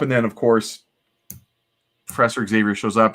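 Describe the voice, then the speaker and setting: Low-voiced man recapping a comic. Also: steady tone, moderate pace. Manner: recaps the plot, dropping briefly into playful character voices. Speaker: comic podcast co-host. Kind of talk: casual chat reading comics aloud.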